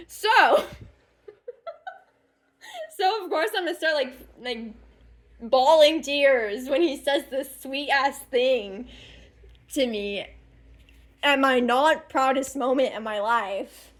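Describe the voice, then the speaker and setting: High-voiced chatty teen girl. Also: expressive, slow, pauses often, a bit bright. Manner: rambling, laughing, swearing. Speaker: vlogger. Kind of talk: casual storytime chat.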